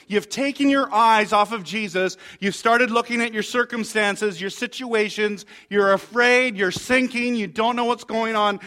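A man with a high voice preaching a sermon. He tells the story with animation and reads scripture aloud, sometimes sinking to a quiet, low tone. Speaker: pastor.

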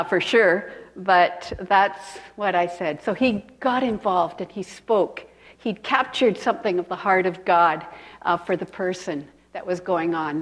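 A woman preaching in a conversational way, putting questions to her listeners. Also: on the low side. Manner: asks the audience questions, conversational. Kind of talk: sermon, teaching.

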